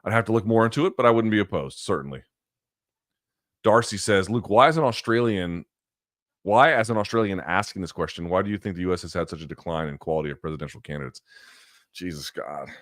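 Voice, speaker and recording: A man with a fairly low voice hosts a casual live chat, reading out viewer questions and answering them in quick, talkative bursts. The sound is dry and close, with no room echo. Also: expressive, fairly bright tone. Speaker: host.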